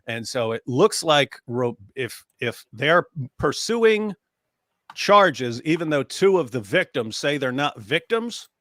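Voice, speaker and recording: A man's voice: fairly high pitch, animated, slow, a bit bright, no echo, clean studio sound. A man arguing a point in a casual online discussion, often acting out quoted speech. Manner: argumentative, acts out quoted speech. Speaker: co-host.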